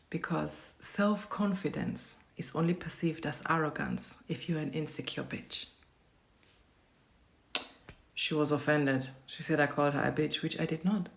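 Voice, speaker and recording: A woman's voice: low voice, vocal fry. A woman in her thirties telling a parenting story in a blunt, profane, emphatic casual rant. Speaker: parent vlogger.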